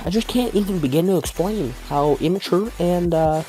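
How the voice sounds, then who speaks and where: A man's voice: sits high, moderate pace, warm tone, faint music behind. A man telling a comedic story as a vlogger, rambling with many restarts and fillers and talking straight to his viewers.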